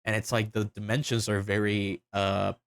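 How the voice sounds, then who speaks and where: A man's voice: lowish voice, little pitch movement, normal speed, gravelly, fairly bright tone, clean tone, no echo, studio quality. A man chatting casually, rambling with fillers and repeats and cracking crude jokes. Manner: fillers, repeats, swearing, joking. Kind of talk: casual chat.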